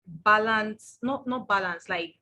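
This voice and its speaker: A woman's voice: mid-range voice, takes it slowly, sharp tone, poor audio. A woman hosting a book club chat. She talks casually and chattily and laughs easily. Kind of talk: casual conversation.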